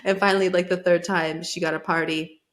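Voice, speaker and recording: A woman's voice: fairly low pitch, little pitch movement, a little fast, slight background noise. A woman in her thirties co-hosting a podcast, chatting casually and chiming in with short replies. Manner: conversational, chimes in with short replies. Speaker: podcast co-host. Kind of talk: casual chat.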